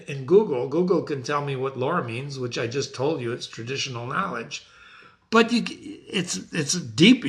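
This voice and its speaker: A man in his sixties giving a literature lesson, asking his listeners many questions and reading quotes slowly. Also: on the high side, pushed and bright. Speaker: literature teacher. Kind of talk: lively literature lecture.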